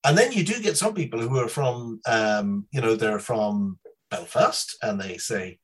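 A man's voice: mid-range voice, very animated, moderate pace, breathy edge, poor audio. A man from Ireland, chatting casually on a podcast, rambling, swearing and laughing often. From Northern Ireland. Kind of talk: casual chat.

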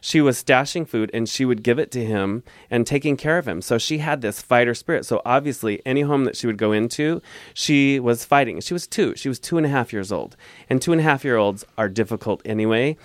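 An earnest man speaks as a guest, warm and heartfelt as he rambles through a long personal story. His voice is smooth and resonant at a middle pitch. The sound is dry and close, with no room around it. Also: brisk, no room sound. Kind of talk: casual interview storytelling.

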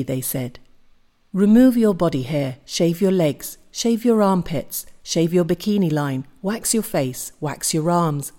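A woman's voice: on the low side, warm tone. A woman podcast host performing a dramatic spoken-word recitation, delivering a long, rhythmic list of insistent commands.

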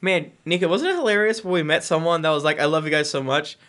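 A man with a fairly high-set voice reads listener reviews on his podcast. He keeps it loose and casual, cutting in with jokey asides and little chuckles between the quotes. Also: fast, fairly bright tone. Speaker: podcast host.

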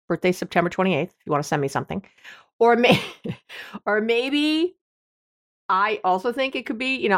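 A woman's voice: mid-range voice, a bit bright. A middle-aged woman, a relationship expert hosting her show, telling a story in a casual, self-deprecating way with many asides. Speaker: podcast host, relationship expert. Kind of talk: casual confessional monologue.

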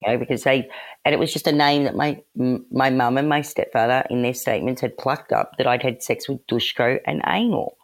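A woman who is a guest on a podcast, telling a personal story in lively detail and acting out the remarks she quotes. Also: very deep voice, brisk. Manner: animated, acts out quoted exchanges, laughs.

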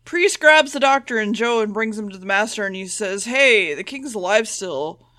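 A woman's voice: mid-range voice, animated, a bit bright. A woman co-hosting a podcast who recaps an episode's plot flippantly and with swearing. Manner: flippant, sweary recap with quick voiced quotes. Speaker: podcast co-host.

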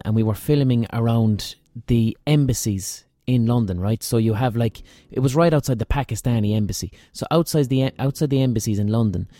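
A man's voice: medium pitch, warm tone, no echo. An Irish man hosting a podcast, telling a rambling, profane, self-mocking story in a casual monologue. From Ireland. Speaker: podcast host.

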